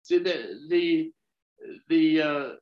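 Male preacher, high-pitched, unhurried and halting delivery, lo-fi sermon recording. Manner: slow, halting delivery with many restarts and amens. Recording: dull lo-fi recording.

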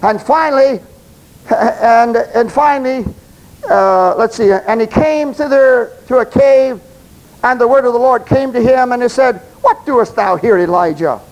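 High-voiced man preaching an emphatic sermon. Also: unhurried, darkish tone, rough recording. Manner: emphatic, addresses congregation directly, stumbles reading aloud.

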